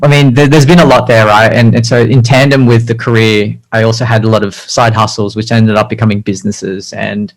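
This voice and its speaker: A man's voice: fairly low pitch, flat delivery, fairly quick, hardly any pauses, poor audio. A man, a designer, telling his career story as an interview guest in a chatty, self-deprecating way, with lots of ums and restarts. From Australia.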